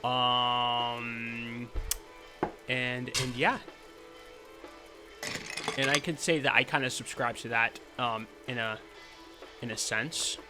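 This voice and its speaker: A man's voice: mid-range voice, slow pace, pauses often, music in the background. A man giving casual, rambling gameplay commentary, full of fillers. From United States. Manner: rambling, relaxed, lots of fillers. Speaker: gaming channel host.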